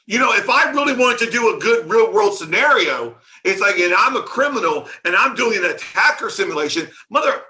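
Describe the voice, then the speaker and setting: Male conference speaker, high bright voice, sarcastic and animated rant on stage. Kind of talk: conference talk.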